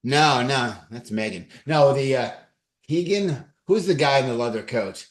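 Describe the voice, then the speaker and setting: A man's voice: mid-range voice, expressive, measured pace. A man with a New York accent, co-hosting a casual podcast chat and rambling as he searches for names and words. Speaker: podcast co-host.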